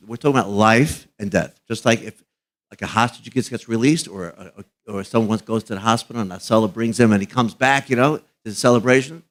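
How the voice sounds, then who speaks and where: A middle-aged man, a rabbi, telling emphatic stories as a guest at a live fundraiser, his voice dropping low on the sad moments. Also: fairly quick, a bit bright. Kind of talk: live fundraiser broadcast chat.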